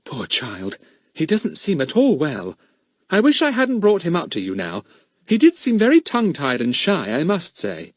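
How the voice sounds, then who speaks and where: A man's voice: fairly high pitch, huge pitch swings, moderate pace, no echo, clean studio sound, voice pushed up. A man reading an audiobook voices a proper, middle-aged mother who speaks in a prim, fretful way.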